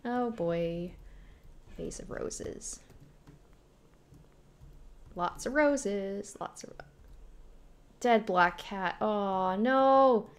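A woman's voice: medium pitch, very slow, pauses often. A young woman streaming a horror game, jumpy and talking to herself as she plays. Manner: jumpy, talks to herself, reads text aloud. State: panicked while being chased. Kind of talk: horror game let's play commentary.

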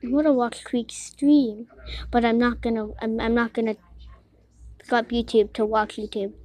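Girl gamer muttering and ranting at her game, fairly high voice, giggly, gets worked up fast. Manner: excitable, quick to frustration, giggly, talks to herself. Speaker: gamer playing a Roblox game. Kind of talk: casual let's-play commentary.

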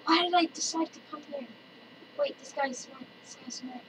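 A woman chatting excitedly through her own gameplay and calling out to other players. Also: sits high, normal speed. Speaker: let's-play gamer. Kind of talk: casual gameplay commentary. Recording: distant mic with loud noise.

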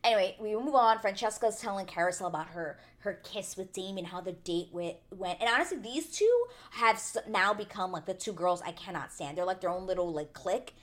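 A woman casually recapping a reality dating show, chatty and opinionated, full of "like" fillers and high indignant outbursts. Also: lively intonation, a little fast, few pauses. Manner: rises to high indignant exclamations. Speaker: TV recap vlogger.

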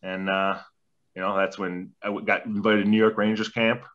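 Swearing, laid-back man with a bright voice. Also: fairly low pitch, little pitch movement, moderate pace. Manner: laid-back, heavy swearing, rambling anecdotes. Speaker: podcast guest, former junior hockey player. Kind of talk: casual storytelling interview. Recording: dull lo-fi podcast audio.

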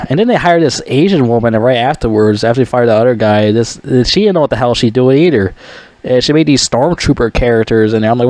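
A man vents in a heated, swearing rant, restarting sentences and sighing in disgust. His voice sits at an ordinary middle pitch. The recording is close and dry, with no room sound. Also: lively intonation, brisk, darkish tone, dry recording. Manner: ranting, profane, exasperated, sighing, stumbling restarts. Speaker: video creator ranting about a TV show. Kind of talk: angry profane rant.

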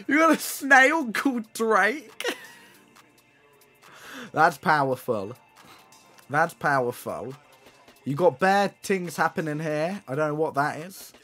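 A young man, live-streaming and teasing viewers in excitable, joking banter. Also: fairly high pitch, takes it slowly, pauses often, faint music behind. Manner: teasing, excitable, swears and laughs often. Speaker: livestreamer. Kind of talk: casual live-stream commentary.

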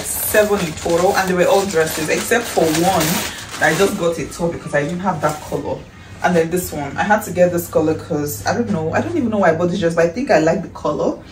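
A woman with a Nigerian accent chatting in a casual haul vlog, excitable and gushing, breaking into shrieks and breathy exclamations. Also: fairly low pitch. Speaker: vlogger. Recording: echoey room, distant mic, faint hiss.

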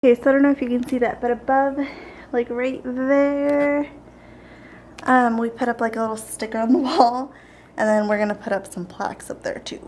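A woman's voice: on the high side, steady tone, normal speed, background noise. A young woman in her twenties chatting casually in a daily vlog, giggly and teasing. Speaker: vlogger. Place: home and car, indoors.

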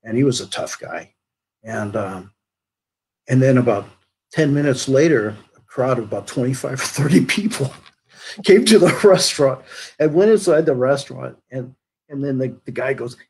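A man being interviewed as a guest musician, telling stories in a casual, animated way with frequent fillers. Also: mid-range voice, normal speed, gravelly, breathy edge. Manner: animated storyteller, frequent "you know". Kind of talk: casual conversation.

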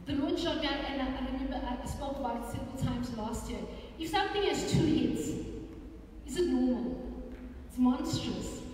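A South African woman preaching a sermon as a pastor, animated and repeating phrases for emphasis. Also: high voice, a little fast. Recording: echoey hall from far off, faint room noise.

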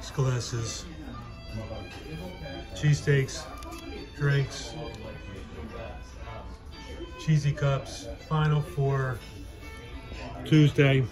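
A man's voice: medium pitch, steady tone, very slow, long pauses, over music. A man hosting a casual food-review show, upbeat and joking, with announcer-style callouts.

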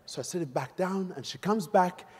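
A middle-aged man from Uganda, giving an animated, storytelling keynote speech on a stage mic in a large conference hall and quizzing the audience. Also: sits high, moderate pace, breathy edge. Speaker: keynote speaker. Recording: echoey hall.

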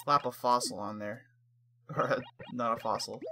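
A man's voice: mid-range voice, moderate pace, over music. A young man giving playful, hammy commentary while playing a life-sim game. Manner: playful, hammy trash talk. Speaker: let's play streamer. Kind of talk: gameplay commentary.

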